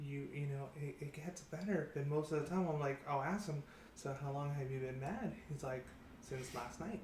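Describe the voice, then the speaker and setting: Male therapist telling client stories, mid pitch, echoey room, faint hiss. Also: normal speed, darkish tone. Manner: storytelling, acts out quoted dialogue. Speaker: therapist working with high schoolers. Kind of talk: casual panel chat. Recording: roomy studio with faint background noise.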